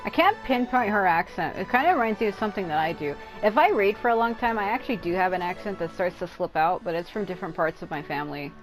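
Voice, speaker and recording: A woman's voice: medium pitch, animated, fast, few pauses, faint music behind, low-quality recording. A woman streamer giving casual, rambling commentary while playing a game, sounding tired and worn out. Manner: rambling and chatty, reacting aloud. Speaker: gameplay streamer.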